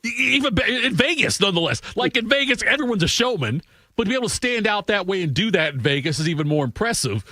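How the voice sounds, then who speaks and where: A male host with a slightly high, lively voice keeps a casual morning show chat moving. He talks quickly and passes along comments from viewers. The sound is dry. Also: no echo.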